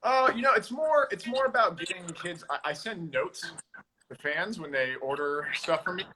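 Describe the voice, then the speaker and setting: An easygoing man rambles as a guest on a live video call, often stopping to restart. His voice is bright and pitched a touch high for a man, with faint hiss behind it. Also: normal speed. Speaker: guest, drummer. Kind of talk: casual video-call chat.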